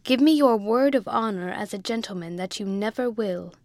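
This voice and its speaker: A woman's voice: mid-range voice, moderate pace, no echo, lightly acted. A woman reading the part of an earnest, upright military major who speaks firmly. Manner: earnest, firm.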